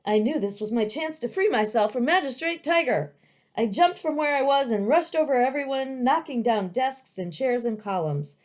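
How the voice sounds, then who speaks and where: A woman voicing an eager, gentle young male dragon who was born from a painting, telling his story in earnest. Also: sits high, expressive, moderate pace, voice pushed up.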